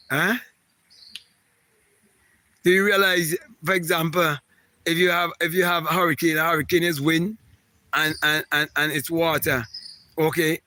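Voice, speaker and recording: A man's voice: fairly high pitch, pushed and bright, dry recording. A man hosting a spiritual talk, reading viewer comments and answering them in an emphatic, repetitive, preachy way.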